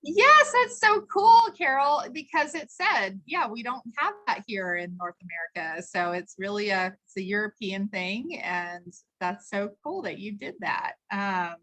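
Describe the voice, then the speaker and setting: Woman, middle-aged, bright voice, chatty, rambling, enthusiastic, video call. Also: medium pitch, expressive, unhurried, few pauses, poor audio. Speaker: team leader presenting a product. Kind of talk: casual live video call.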